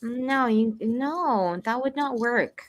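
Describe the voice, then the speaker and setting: A woman hosting a live stream, talking in an unhurried, drawn-out way and breaking into laughter often. Her voice sits a little high and sounds dry and close, with no room around it. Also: no echo. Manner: laughs often, amused and chatty. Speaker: stream host. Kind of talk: casual live-stream chat.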